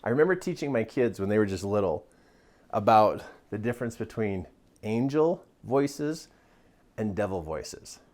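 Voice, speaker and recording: A man giving a motivational talk as a self-help mentor, drawing as he speaks, animated and laughing often. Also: on the low side, moderate pace.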